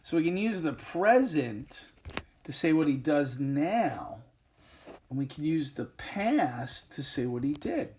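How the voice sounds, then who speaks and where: A man teaching an English grammar lesson over a whiteboard recording, explaining step by step with frequent pauses and fillers. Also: on the high side, sing-song, a little mellow, slight background noise.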